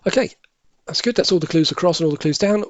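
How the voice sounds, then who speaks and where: A man thinking aloud as he works through cryptic crossword clues, musing and correcting himself, with quiet half-muttered asides. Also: on the high side, fast, dry recording, dull audio. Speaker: crossword solving tutor.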